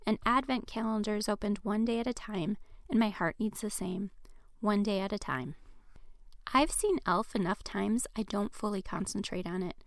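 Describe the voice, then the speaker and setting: A woman reads her own young-adult novel in the first person, even and earnest. Her mid-range voice carries a gravelly edge. The sound is close-miked and very dry. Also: medium pitch, moderate pace, no room sound. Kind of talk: audiobook narration.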